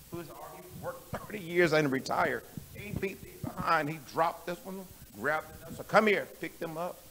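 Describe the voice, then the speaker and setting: A middle-aged man preaching a sermon in a conversational way, with restarts and laughs, who builds to emphatic shouts and calls out to the congregation. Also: fairly high pitch.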